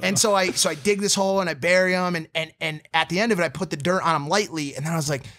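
A man hosting a podcast, telling a story in a casual, animated, profane way, laughing as he goes. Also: fairly high pitch, fast. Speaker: podcast host.

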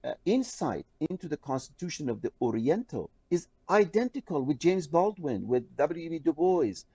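A man from Iran, a professor and interview guest, talking about scholarship in a passionate, emphatic way with frequent restarts and lively swings in pitch. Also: normal speed, breathy edge, no echo. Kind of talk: animated scholarly discussion.

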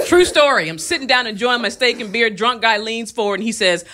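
A woman stand-up comedian performing a live set on a club stage, moving between loud punchlines and quiet asides. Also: fairly high pitch, expressive, fairly quick, hardly any pauses, a crowd in the background. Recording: live club recording, audience laughter and noise.

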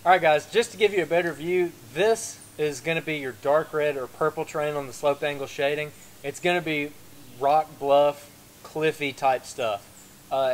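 Steady man explaining terrain outdoors. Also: mid-range voice, slight background noise. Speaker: hunting channel host. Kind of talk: field scouting explanation. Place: outdoors at the base of a rock bluff.

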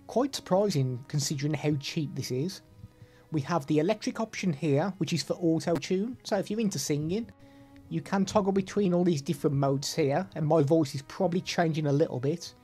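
A man's voice: a little high, dark tone, slightly rough. A man streaming live while demoing audio gadgets, chatty with self-deprecating asides, into a studio microphone. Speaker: streamer reviewing products.

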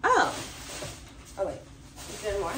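A young woman talking casually to camera in her home as a vlogger, chatty and animated. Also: mid-range voice, slow, recorded from a distance, a little hiss or hum. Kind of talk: casual vlog chat to camera.

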